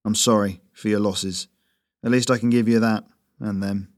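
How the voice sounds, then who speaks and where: A gravelly, burly enemy sergeant, as a male storyteller puts him on, blunt and flat as he speaks. The voice sits low, and the audiobook recording is dry and close. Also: normal speed, dry recording, natural voice. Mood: resigned.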